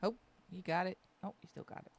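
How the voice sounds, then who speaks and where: A woman's voice: steady tone, a little fast. A woman chatting casually on a stream from home while she colors, laughing often. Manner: talks in a high coaxing baby voice to her dog.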